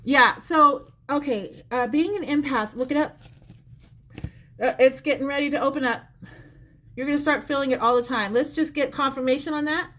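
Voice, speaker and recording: A woman's voice: high-pitched, normal speed, a bit bright. A woman giving a psychic reading on a live stream, talking to the viewer directly in a chatty, repetitive way. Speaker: psychic reader. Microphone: phone or close mic on a live stream.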